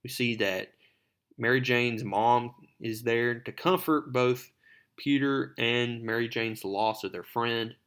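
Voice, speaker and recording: A man's voice: medium pitch, slow pace, a bit bright, smooth. Guy recapping a comic, chatty asides, plain middle voice. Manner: conversational, with asides and restarts. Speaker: comic book reviewer. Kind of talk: casual comic recap narration.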